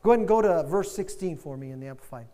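An older man preaching a sermon, an animated pastor who builds to loud fervor. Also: fairly high pitch, racing. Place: church sanctuary. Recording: long church-hall reverb.

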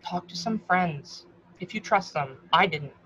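A woman's voice: lowish voice, animated, measured pace, fairly bright tone, slight background noise. Frank, encouraging woman vlogger, muffled sound. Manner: frank and encouraging, swears freely, calls the viewer hun. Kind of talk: casual advice vlog to camera. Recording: slightly dull lo-fi recording.

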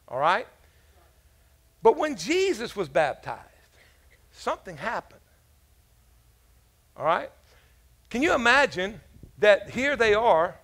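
A man's voice: sits high, bright, forceful tone. A man pastor preaching a sermon in a casual, joking storytelling manner, with asides to the congregation. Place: church.

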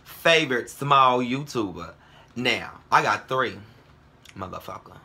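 Brash man ranting profanely, bright voice. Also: mid-range voice, animated, slow pace, slightly rough. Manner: brash, heated, profane, calls viewers girl and ho. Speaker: vlogger. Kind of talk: profane casual vlog rant.

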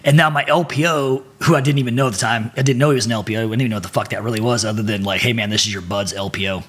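A man in his forties with a husky, slightly rough voice spins loose, profanity-laced anecdotes as a podcast guest. He talks animatedly and colorfully, at an easygoing pace. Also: mid-range voice, racing. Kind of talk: casual storytelling.

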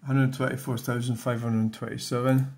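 A man's voice: mid-range voice, flat delivery, moderate pace, gravelly, a little mellow. An older man with a Scottish accent rambles through a channel update in an ordinary mid-range voice. He mutters along in a loose, offhand way and swears bluntly whenever something annoys him. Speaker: YouTuber giving a channel update. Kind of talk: casual rambling chat.

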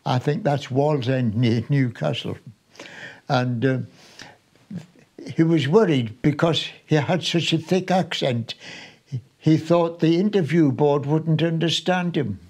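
A very old man in his nineties, from Sunderland, telling a veteran's war memories at a slow, unhurried pace. His voice sits a little high for a man. He wanders along chattily and stops now and then to restart a word. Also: a little mellow. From Sunderland, North East England. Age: 90s. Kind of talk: personal war memories told to an interviewer.

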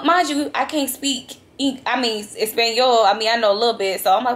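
A young woman vlogger telling a travel story to her viewers in a lively, dramatic, casual way. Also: on the high side, brisk, hardly any pauses. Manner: animated, dramatic retelling, addresses viewers as y'all. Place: vacation lodging, indoors.

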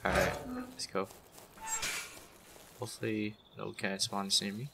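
A man's voice: lowish voice, flat delivery, measured pace, gravelly, noisy background. A man giving live gameplay commentary, talking to himself and repeating phrases in bursts when he gets startled. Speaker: gaming YouTuber.

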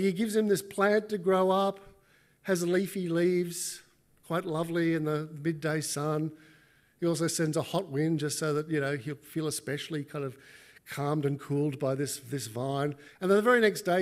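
An Australian man preaches a sermon, talking in an animated, conversational way. His voice sits a little higher than most men's. He keeps it lively and plain-spoken as he works through his point. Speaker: pastor.

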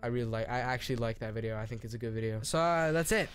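A man's voice: medium pitch, very fast, soft background music. A young man, a gaming YouTuber, rambling and cursing through self-deprecating casual commentary.

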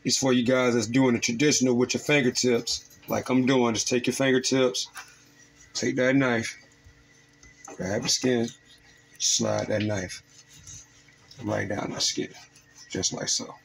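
A man hosting his fishing show demonstrates how to fillet fish in his home kitchen, walking viewers through each step steadily. He speaks unhurriedly in a creaky, medium-pitched voice and pauses often. The recording is rough, with slight background noise.

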